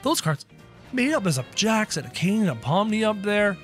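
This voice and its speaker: A young man hosting a gaming channel, giving excited gameplay commentary and narrating every move to viewers. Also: sits high, moderate pace. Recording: faint game music behind.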